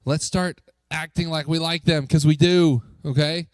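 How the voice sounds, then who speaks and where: Upbeat and playful, a youth pastor addresses a church youth group and draws responses with rapid-fire questions. He has a slightly high male voice with a steady tone, recorded close and dry without any room sound.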